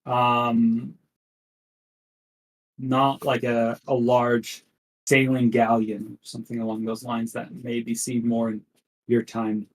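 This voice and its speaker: A male game master narrates a tabletop game at an unhurried, measured pace. His voice sits in a middle pitch, and he builds the scene in careful steps. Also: monotone, a little hiss or hum, low-quality recording. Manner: slow, deliberate scene-setting.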